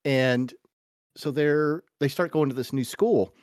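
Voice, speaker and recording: A man's voice: medium pitch, slow pace, a little mellow, no room sound, clean studio sound. A man in his forties with a Southern US accent, hosting a casual podcast chat, rambling and restarting his phrases. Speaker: podcast host.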